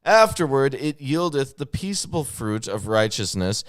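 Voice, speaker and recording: A man's voice: mid-range voice, big pitch swings, moderate pace, no room sound. A man co-hosting a casual chat show, reading old scripture aloud between dry asides. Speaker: co-host.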